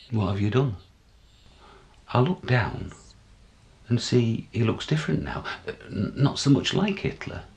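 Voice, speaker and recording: Worked up and low-pitched, an actor performs a stage monologue as a deluded older man gripped by paranoia. He's jittery and confiding, veering from hushed tones to yelling.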